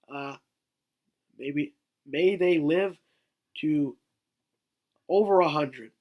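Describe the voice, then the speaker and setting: A man telling a story in a rambling, joking way on a casual vlog, swearing now and then. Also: fairly high pitch. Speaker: vlogger.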